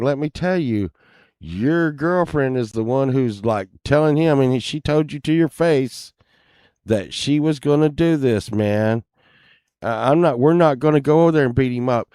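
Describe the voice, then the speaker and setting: A middle-aged man, telling a casual anecdote and loudly acting out the people in it. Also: mid-range voice, unhurried, smooth, dry recording, studio quality. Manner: animated, acts out quoted lines loudly, laughs while telling. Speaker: storyteller.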